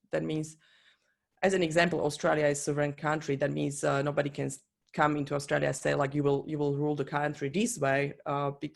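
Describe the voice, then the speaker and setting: A business and life coach with a medium-pitched, creaky voice gives an earnest, encouraging motivational talk in non-native English, addressing the listener directly.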